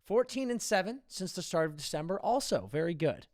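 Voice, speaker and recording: A lively male podcast host with a fairly high, animated voice, teasing his co-host in quick casual banter. His voice is close and dry. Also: dry recording.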